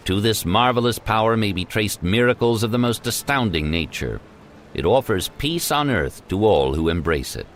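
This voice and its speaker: Man reading with low, animated emphasis. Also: slight background noise. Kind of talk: reading an old self-help text aloud.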